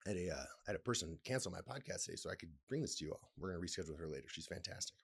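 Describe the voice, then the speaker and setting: A man's voice: low voice, lively intonation, very fast, creaky, fairly bright tone, husky. Playful laughing male podcast host. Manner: laughs often, swears, reads aloud and comments; playful, rambling. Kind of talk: casual solo podcast talk.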